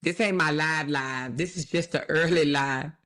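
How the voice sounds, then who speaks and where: A woman hosting a casual livestream, talking emphatically, repeating herself, laughing often and slowing down to stress her points. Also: sits low, fairly bright tone. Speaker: livestream commentary host.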